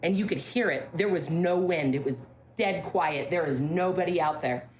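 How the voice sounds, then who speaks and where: A woman from a ranch telling ghost stories in casual talk, emphatic, with halting restarts and key phrases repeated. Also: fairly low pitch, darkish tone, slight background noise. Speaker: ranch staff member interviewed about ghost stories. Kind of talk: casual spoken storytelling.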